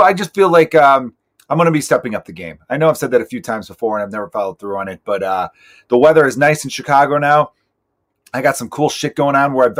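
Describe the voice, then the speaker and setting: A man in his thirties, a stand-up comedian hosting his own podcast, rambling in a profane, self-mocking, joking way. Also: mid-range voice. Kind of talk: casual solo podcast monologue.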